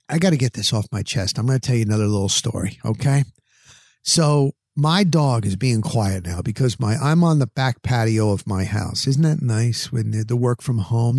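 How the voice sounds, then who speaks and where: A man's voice: medium pitch, no room sound, studio quality. A man hosting a podcast, telling a rambling, exasperated story on his back patio. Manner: rambling, exasperated, animated retelling. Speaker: podcast host. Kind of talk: casual storytelling monologue. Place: home back patio, outdoors.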